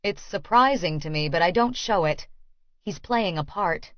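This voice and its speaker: A woman narrating an audiobook in the first person, in a slow, hushed, measured voice. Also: fairly low pitch, animated, dry recording, dull audio.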